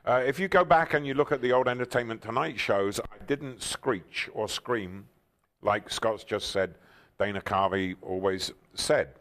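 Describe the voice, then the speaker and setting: An older man recounts stories as a guest, his lowish voice leaping into loud, excited exclamations. He talks like a seasoned showman, enthusiastic and theatrical. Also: measured pace. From England. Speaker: talk show guest. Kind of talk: animated storytelling interview.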